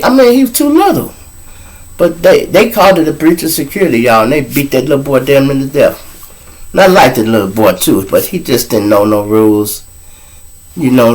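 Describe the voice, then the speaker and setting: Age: adult. Sex: man. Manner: lively, profane storyteller. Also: medium pitch, low-quality recording. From Chicago. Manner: animated, profane, acts out quoted voices. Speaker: podcast host. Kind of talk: casual storytelling monologue.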